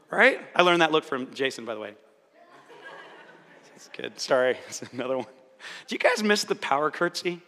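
A man preaches in an animated way, acting out the voices he quotes. His voice sits high and sounds bright and forceful. It rings with the long reverb of a large hall. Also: normal speed, long pauses. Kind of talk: sermon-style teaching.

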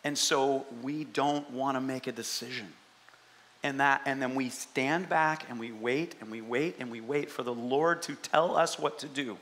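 Bright-voiced man preaching a lively sermon. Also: medium pitch, a little slow. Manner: animated, conversational, asks the congregation questions. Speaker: pastor.

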